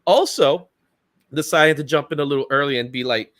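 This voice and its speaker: A man whose voice is a little high and a bit bright talks fairly quickly as he hosts a laid-back livestream in clean, echo-free studio sound. He's chatty and upbeat, laughs often, greets chatters by name, and uses fillers like "you know what I'm saying."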